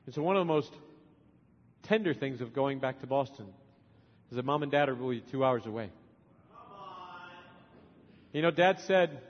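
A man in his forties preaching a sermon as a missionary, emphatic, swinging from loud urging to soft, tender asides. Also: medium pitch, expressive, normal speed, long pauses. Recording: long hall reverb, dull lo-fi sound.

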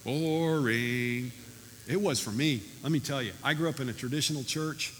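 A man preaching a sermon as pastor, animated and emphatic, recorded in a church hall. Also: mid-range voice, fast.

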